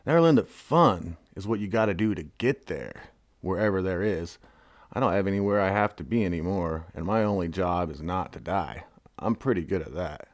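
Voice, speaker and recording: A man's voice: deep voice, normal speed, no echo, clean studio sound. A man reading his own memoir aloud in a wry, casual storytelling manner. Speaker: narrator.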